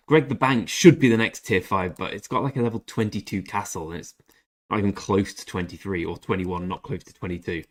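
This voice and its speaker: A young man with a British accent and a somewhat low voice chats casually on a gaming livestream. He answers viewers by name and talks in a loose, chatty way, giving blunt opinions with a little swearing. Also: fairly quick. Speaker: gaming streamer. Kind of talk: casual livestream chat while playing.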